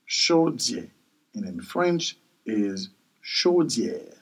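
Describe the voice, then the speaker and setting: In a low-quality recording, a male language teacher with a fairly high voice teaches kitchen vocabulary. He patiently says each word several times, spells words out for learners, and corrects himself as he goes.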